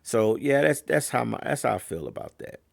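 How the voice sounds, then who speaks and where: A man hosting a sports podcast and coaching young players, giving an animated, ranting opinion monologue straight to his listeners. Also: mid-range voice, moderate pace, vocal fry, no room sound, clean studio sound. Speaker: podcast host and youth sports trainer.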